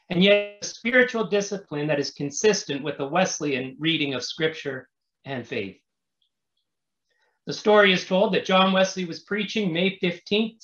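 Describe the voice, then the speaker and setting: A man's voice: on the high side, fairly bright tone, muffled recording. Man reading a scholarly paper in a roomy space. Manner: measured, scholarly delivery with occasional restarts. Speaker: pastor presenting an academic paper. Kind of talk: formal reading of a prepared paper.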